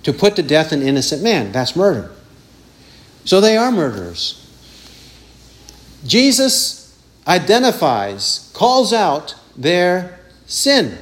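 Emphatic high-voiced man preaching slowly. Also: wildly swooping pitch. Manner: emphatic, repeats phrases, mimics taunting voices. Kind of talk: sermon.

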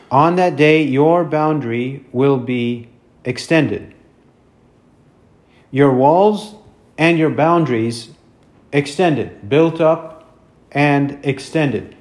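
A man preaching an expository sermon, speaking deliberately and repeating key phrases for emphasis. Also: a little high, a little mellow. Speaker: pastor.

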